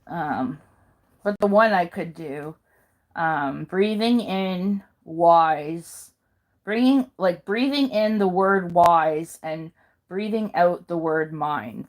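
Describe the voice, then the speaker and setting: A woman reading handouts aloud in a careful, halting way, pausing and correcting herself now and then. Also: fairly low pitch. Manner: slow careful reading with pauses and self-corrections. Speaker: video maker.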